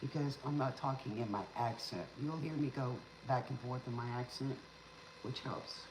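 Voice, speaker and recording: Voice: mid-range voice, fairly even intonation, moderate pace. A tarot reader and spiritual teacher talking casually on a livestream in a rambling, teacherly way, with sarcastic asides and an occasional stutter. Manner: stutters sometimes. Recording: roomy with faint background noise.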